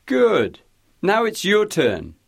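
A man hosting a scripted language lesson, guiding listeners clearly and encouragingly. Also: sits high, wildly swooping pitch, slow pace, no echo, studio quality. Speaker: language teacher host.

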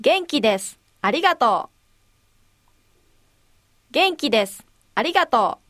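A woman modeling phrases for a language lesson, saying each slowly and with careful articulation. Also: sits high, sing-song, a bit bright, dry recording, clean studio sound. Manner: deliberate, clearly articulated. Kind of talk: slow, careful demonstration phrases.

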